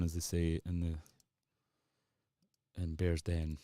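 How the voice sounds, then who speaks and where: A man's voice: low voice, completely flat delivery, drawn-out words, warm tone, no room sound, studio quality. A Scottish man, a DJ and music producer, chatting casually on a livestream while making music. He rambles, swears freely and laughs often. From Scotland.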